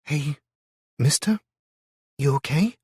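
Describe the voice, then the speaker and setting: A man's voice: a little high, expressive, takes it slowly, darkish tone, breathy edge, no echo, clean studio sound, voice pushed up, full character voice. A man voicing a shy, stubborn little girl of about ten who speaks in a small, tearful voice.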